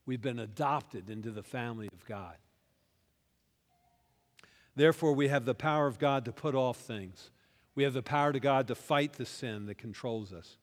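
A man preaching a sermon as pastor, moving between quiet confiding asides and loud rousing call-and-response with the congregation. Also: medium pitch. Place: church hall. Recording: long reverb of a large hall.

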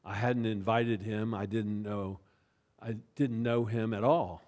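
A pastor telling a personal story in a sermon, chatty and self-deprecating, often tossing in "right?" and "you know.". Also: male voice, fairly low pitch, steady tone, unhurried, a little mellow. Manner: conversational, with frequent "right?" and "you know" asides.

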